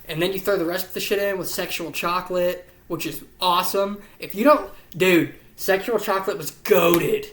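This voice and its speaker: With a mid-range voice in a reverberant space, a YouTube host casually ranks things to camera, gushing and swearing plenty. He sounds tired and keeps yawning.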